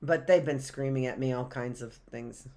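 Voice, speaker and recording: A woman's voice: extremely low pitch, normal speed, warm tone. A woman, a teacher reading a picture book aloud to young children on a livestream and wandering into chatty asides and questions.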